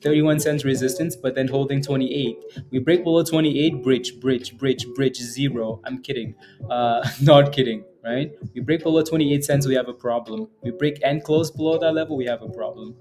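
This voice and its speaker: A man's voice: medium pitch, brisk, music in the background. A man hosting a live day-trading stream, chatting and joking over stock charts and tagging "right?" onto many lines. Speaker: day trading livestream host.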